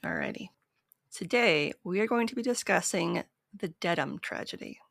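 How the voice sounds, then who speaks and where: Woman podcast host, gravelly and a little hoarse, close and dry recording, chatty delivery. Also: on the low side, lively intonation, normal speed, a bit bright, no room sound. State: a bit hoarse. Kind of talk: casual chat.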